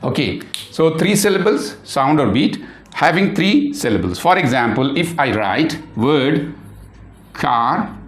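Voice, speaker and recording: A man's voice: on the high side, big pitch swings, soft background music. A man teaching an English lesson, who spells words out letter by letter and asks questions he then answers himself. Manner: slow, repeats words and spells them out letter by letter. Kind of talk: classroom lesson. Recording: echoey room.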